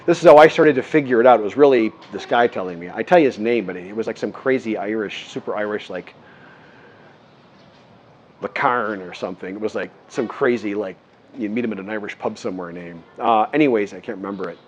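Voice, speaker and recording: A man with a lowish voice tells a story straight to his viewers, earnest and rambling, often stopping to restart his sentences. The recording is dull and lo-fi. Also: fairly quick, a little hiss or hum. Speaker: vlogger. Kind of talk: casual storytelling to camera.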